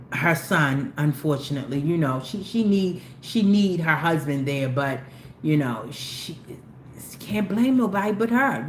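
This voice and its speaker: A woman hosting a casual celebrity gossip commentary, animated and opinionated, with slangy talk that swings between low asides and loud exclamations. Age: older. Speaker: commentary host. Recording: echoey room with faint ambient noise.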